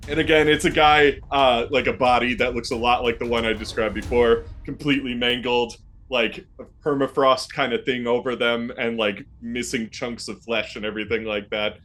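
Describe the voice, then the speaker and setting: A man's voice: medium pitch, steady tone, moderate pace, a bit bright. Rambling male game master. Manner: loose and rambling, full of ums and restarts. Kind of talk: narrating a tabletop horror game.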